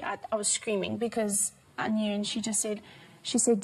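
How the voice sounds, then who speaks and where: A woman giving a documentary interview, speaking emotionally with halting restarts. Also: mid-range voice, level tone, creaky, a little mellow, rough recording. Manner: emotional, halting, repeats words.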